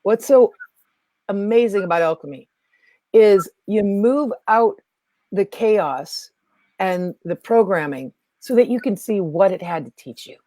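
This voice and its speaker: A woman's voice: mid-range voice, animated, a little slow, dark tone, no echo. A woman guest teaching about spiritual energy, talking emphatically and repeating key phrases. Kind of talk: teaching talk.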